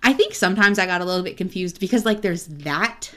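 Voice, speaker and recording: A woman's voice: on the low side, expressive, quick pace. A young woman co-hosting a book podcast, chatting casually, swearing freely and reading passages aloud. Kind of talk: casual chat.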